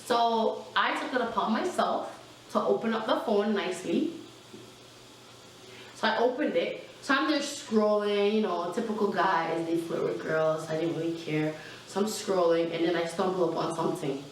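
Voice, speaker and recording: A woman's voice: mid-range voice, moderate pace, recorded from a distance, a little hiss or hum. Chatty young woman, echoey room. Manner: chatty, animated, lots of fillers. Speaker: vlogger. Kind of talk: casual storytime. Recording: very echoey room, mic set back.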